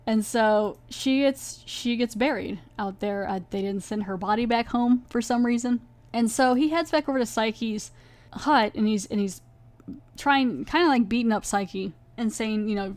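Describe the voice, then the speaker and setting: A woman's voice: on the high side, a little mellow, no echo. A woman podcast host recapping a horror episode in a chatty, casual way, acting out the characters' lines as she goes. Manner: chatty, acts out lines in quick voices.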